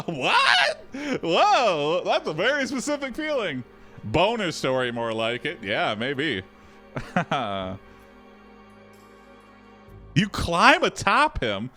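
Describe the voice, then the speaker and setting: A man's voice: fairly high pitch, wildly swooping pitch, extremely slow, long pauses, pushed and bright, soft background music. A man hosting a live stream, reacting to an AI story with jokes and frequent laughter. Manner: joking, reactive, laughs often. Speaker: host and game player. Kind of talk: live-streamed game commentary.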